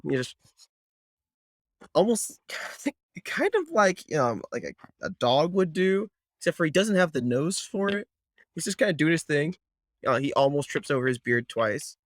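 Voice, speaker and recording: A man's voice: fairly high pitch, very animated, unhurried, no room sound, clean studio sound. Laughing game master man. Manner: loose, laughing narration. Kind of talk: narrating a tabletop game.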